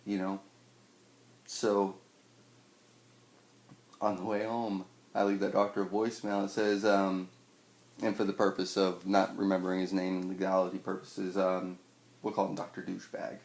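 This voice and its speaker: A young man in his twenties, swearing a lot and telling a personal story with wry humor, acting out scenes loudly at times. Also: sits low, little pitch movement, moderate pace, gravelly, long pauses. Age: 20s. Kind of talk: personal storytelling, stand-up style. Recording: echoey room with faint noise.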